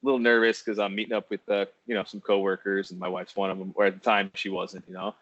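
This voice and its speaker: A man hosting a podcast, telling a casual story in a profane, animated way and laughing often. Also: sits low, quick pace, no echo. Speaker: podcast host. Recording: dull, dry lo-fi podcast audio.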